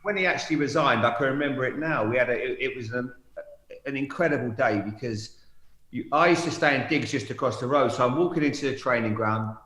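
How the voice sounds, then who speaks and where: A man, a guest and former footballer, telling lively anecdotes in a casual chat. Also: medium pitch, fast. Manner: lively storyteller, acts out remembered moments. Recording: roomy echo.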